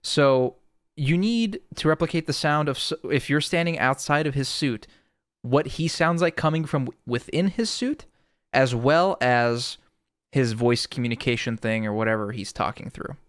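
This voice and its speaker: A man's voice: mid-range voice, moderate pace, dry recording. A man giving a casual audio tutorial, explaining in a laid-back way with lots of "sort of", close to a studio microphone. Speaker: music producer explaining sound design.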